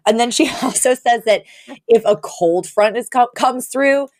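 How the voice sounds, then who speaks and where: A woman co-hosting a podcast, retelling a sitcom episode in casual chat, animated and full of laughs and filler words. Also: a little high, a little slow, no room sound, clean studio sound. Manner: animated storytelling with frequent laughs and filler likes. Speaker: podcast co-host recapping an episode.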